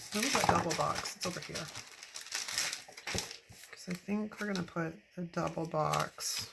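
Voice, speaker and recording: A woman's voice: on the low side, vocal fry. A woman in her fifties chatting casually while decorating a planner, rambling and laughing often. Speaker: planner vlogger. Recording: steady background noise.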